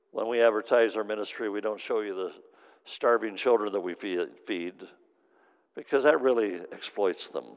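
A man with a lowish, gravelly voice delivers an earnest sermon, repeating phrases for emphasis. His words ring out with a long reverb across a large meeting hall. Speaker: minister. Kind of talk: sermon storytelling.

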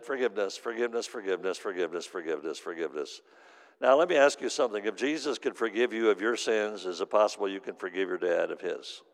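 A middle-aged man preaching a sermon as pastor, telling stories and swinging from hushed to loud. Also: lowish voice. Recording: long hall reverb.

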